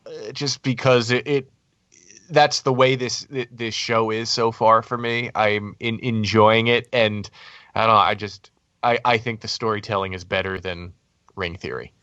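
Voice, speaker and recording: A man's voice: fairly low pitch, steady tone, bright, forceful tone, dry recording. Hesitant male guest on muffled audio. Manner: hesitant, halting. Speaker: podcast guest. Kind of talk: casual podcast chat.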